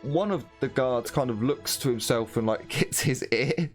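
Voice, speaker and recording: A man's voice: medium pitch, normal speed, faint music behind. A man narrating a tabletop game as game master, wandering along with plenty of fillers and restarts. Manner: meandering, full of fillers and restarts.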